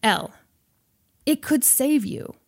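A woman voicing a bubbly young female law student in a high, exaggerated voice. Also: big pitch swings, slow pace, creaky, a little mellow, full character voice. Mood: earnest.

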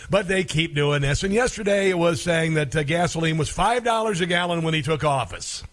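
A man's voice: a little high, brisk, fairly bright tone. A man hosting a talk radio show, giving sarcastic and combative commentary.

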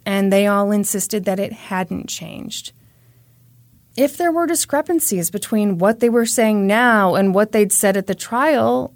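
A woman's voice: mid-range voice, a little slow, no room sound. Woman recounting a case conversationally. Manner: conversational, wry asides. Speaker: podcast host. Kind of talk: true crime storytelling.

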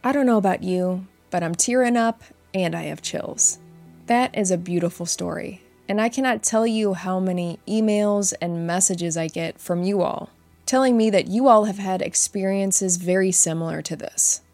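A woman hosting a spooky story show, reading listener stories aloud in a soft, earnest storytelling voice. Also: medium pitch, moderate pace, dry recording, faint music behind. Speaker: host and narrator.

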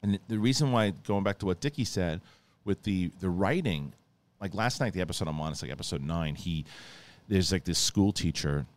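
Low-voiced man telling animated stories. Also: a little fast. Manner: animated storytelling, acts out quoted lines in a raised voice; profane, rambling with many restarts. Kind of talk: casual chat.

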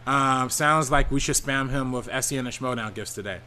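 A man's voice: medium pitch, fairly quick, bright, forceful tone. A man reading viewer donation messages on a casual live-stream panel show, with many ums and easy laughs.

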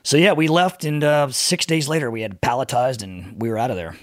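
A man's voice: mid-range voice, brisk, dry recording, clean studio sound. A man telling war stories in casual podcast chat, swearing freely, laughing and acting out the voices of people he quotes. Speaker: former Navy SEAL guest storyteller.

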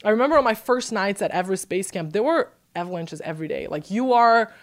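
In a fast-paced, casual podcast chat, a young guest from Brazil animatedly relays a story, laughing and voicing quoted bits in a raised, high tone.

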